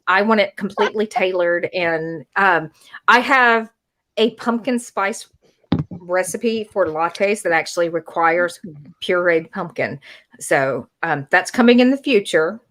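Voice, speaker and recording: A woman's voice: fairly low pitch, a bit bright. A woman hosting a casual chat, chatty and self-deprecating.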